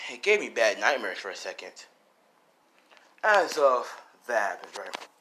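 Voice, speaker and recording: A man improvises a fan story in a loose, rambling way, stacking up fillers as he goes. His pitch swings up and down in a lively way while he talks. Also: unhurried, a little hiss or hum. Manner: rambling, full of "you know" and "like".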